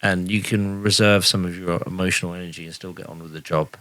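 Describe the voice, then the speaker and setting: A man's voice: sits low, fairly even intonation, fast talker, fairly bright tone. A man hosting a podcast, chatting casually in a joking, self-deprecating way. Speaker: podcast host.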